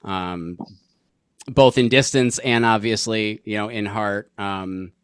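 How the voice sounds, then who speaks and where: A man hosting a casual interview, enthusiastic and effusive, thanking his guest warmly. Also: on the low side, fairly even intonation, takes it slowly, clear, resonant tone, dry recording, studio quality. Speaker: host.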